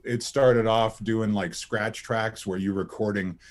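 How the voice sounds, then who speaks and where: A man in his thirties, a voice actor being interviewed, who tells anecdotes in a lively, laughing, casual way. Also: on the low side, a little slow. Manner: animated, anecdotal, laughs often, many restarts. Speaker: voice actor guest.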